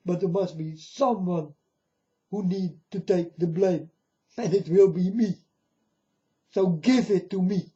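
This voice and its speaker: A man giving an earnest, halting religious monologue to camera in non-native phrasing. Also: high voice, mellow, muffled recording. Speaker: religious video maker.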